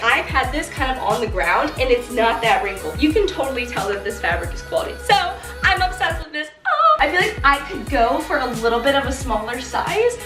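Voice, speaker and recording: A young woman YouTuber gushing through an unboxing and try-on vlog, chatty, filling her talk with "like" and "literally". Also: high-pitched. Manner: bubbly, gushing, says "like" and "literally" often. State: slight fever. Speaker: clothing YouTuber.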